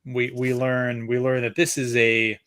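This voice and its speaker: Host, male, casual book chat, lively and quick to laugh. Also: medium pitch, smooth. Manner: animated, laughs often, reads passages aloud.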